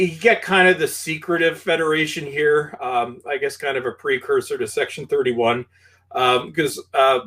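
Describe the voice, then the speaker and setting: A man's voice: mid-range voice, a bit bright. A man with a Canadian accent, a guest in a casual chat, talking hesitantly and poking fun at himself. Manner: hesitant, many fillers and restarts, self-deprecating. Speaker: podcast guest.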